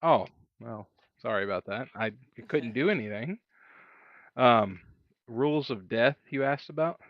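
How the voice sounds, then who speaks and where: A man playing a tabletop game, calmly explaining the rules in casual chat. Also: mid-range voice, moderate pace, no echo, highs cut off. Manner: calm, explains rules plainly.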